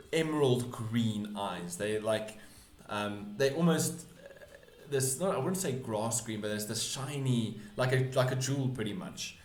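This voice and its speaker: A man's voice: medium pitch, normal speed, reverberant. A man running a tabletop game as game master, narrating combat with many restarts and self-corrections.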